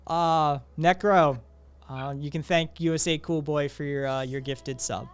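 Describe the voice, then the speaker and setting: A man's voice: on the high side, takes it slowly, clear, resonant tone, faint music behind. A man hosting a live stream, chatting casually, swearing freely and reading viewer messages aloud. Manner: profane, animated, reads chat messages aloud. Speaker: streamer host.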